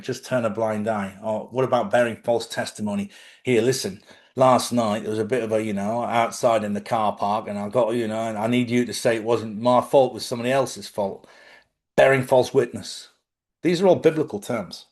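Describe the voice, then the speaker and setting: A man's voice: medium pitch, darkish tone. A man, talking casually about spiritual living and telling stories from his own life, often checking in with his listeners. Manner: conversational storytelling, asks listeners questions. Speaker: host.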